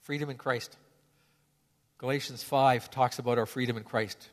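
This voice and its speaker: A man's voice: mid-range voice, fairly even intonation, normal speed, long reverb tail. A male pastor preaching a sermon in an earnest, conversational way, often restarting phrases.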